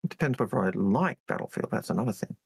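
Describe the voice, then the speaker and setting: A man's voice: on the low side, expressive, fast talker, vocal fry, darkish tone, breathy edge. A man co-hosting a casual talk show, easygoing and reading out viewer questions. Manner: easygoing, short agreeing replies. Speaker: podcast co-host.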